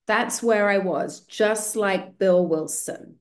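A woman's voice: medium pitch, slow, hardly any pauses. Woman, recovery-meeting speaker, candid, dry self-deprecating humor. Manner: candid, wry and self-mocking. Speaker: speaker sharing a recovery story. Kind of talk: personal testimony at a recovery meeting.

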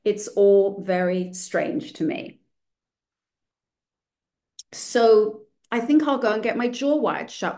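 At a recovery meeting, a woman shares her personal story candidly, with dry, wry, self-mocking humor. Her voice is a little high and a little mellow.

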